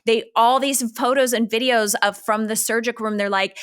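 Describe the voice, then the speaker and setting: A woman's voice: mid-range voice, fairly even intonation, normal speed, a bit bright, smooth. A woman in her thirties with a Canadian accent, co-hosting a podcast in a candid, rambling casual chat full of filler words. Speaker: podcast co-host.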